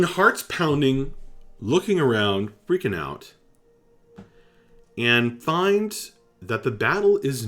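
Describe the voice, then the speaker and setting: A man narrating a tabletop game as game master, slowly, with many pauses and fillers. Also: medium pitch.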